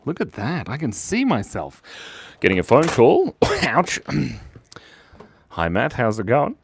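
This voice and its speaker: A man's voice: fairly low pitch, big pitch swings, a little slow, darkish tone, dry recording. A man hosting a live drawing stream, chatting casually with viewers in a playful, goofy way, breaking into silly voices and noises.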